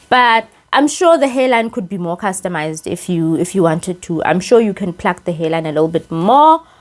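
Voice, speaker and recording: A young South African woman chatting casually as she reviews a wig, excitable and expressive, switching languages mid-sentence. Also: medium pitch. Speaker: beauty YouTuber reviewing a wig. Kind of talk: casual chat.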